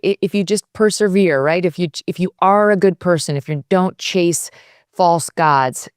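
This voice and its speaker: A woman's voice: on the low side, clear, resonant tone, dry recording, studio quality. A woman in her fifties chatting animatedly as a guest in an interview. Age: 50s. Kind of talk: casual interview chat.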